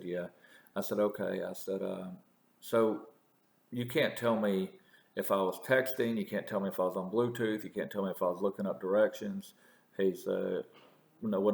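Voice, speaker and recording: A man's voice: low voice, gravelly, a little mellow, reverberant. A man talking in a casual, rambling monologue, full of restarts and swearing. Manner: rambling storyteller with many restarts and profanity. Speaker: political commentator.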